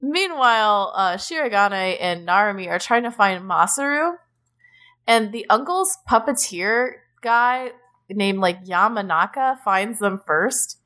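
A woman's voice: mid-range voice, unhurried. A young adult woman co-hosting a podcast, recapping casually with lots of "like", sarcastic asides and swearing. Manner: animated, frequent "like", sarcastic swearing. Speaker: podcast co-host.

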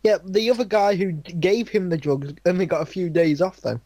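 Young guy, halting storyteller, giggly, dry close mic. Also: high voice, mellow, no room sound. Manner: laughs often, halting storytelling. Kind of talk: casual chat.

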